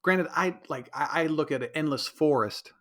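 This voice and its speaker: A man's voice: a little high, moderate pace. A man hosting a casual solo podcast, rambling and correcting himself, with a slightly stuffy nose. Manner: rambling, self-interrupting, mimics others in raised voice. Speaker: podcast host.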